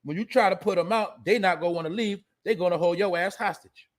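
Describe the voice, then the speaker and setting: A man lectures his audience in a casual, profane monologue. His voice sits high for a man, and he talks bluntly and preachily. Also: fast. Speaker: show host.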